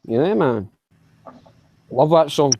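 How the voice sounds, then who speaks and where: A Scottish man hosting a casual chat, talking quickly and joking at his own expense. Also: on the high side, animated, dark tone, no echo. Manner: quick, joking, laughs at himself. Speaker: host.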